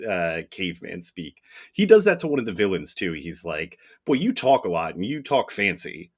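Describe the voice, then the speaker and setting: A man co-hosting a comics podcast in casual chat, relaxed and chuckling. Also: low voice, slightly rough. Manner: relaxed, chuckling, many fillers. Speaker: podcast co-host.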